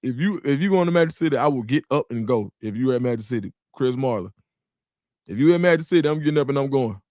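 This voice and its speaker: A young man, hosting a casual livestream and reading viewers' comments aloud in an animated way. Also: on the high side, dry recording. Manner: animated, talks to the chat, reads comments aloud. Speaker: livestream host.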